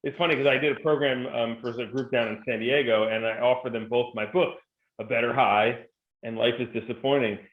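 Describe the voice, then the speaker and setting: A man's voice: mid-range voice, fairly even intonation, fairly quick. A man from New Jersey, a guest speaker telling jokes and stories in a chatty, upbeat interview. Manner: joking storyteller, upbeat and chatty. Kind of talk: conversational interview. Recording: tinny phone-like video call audio, roomy.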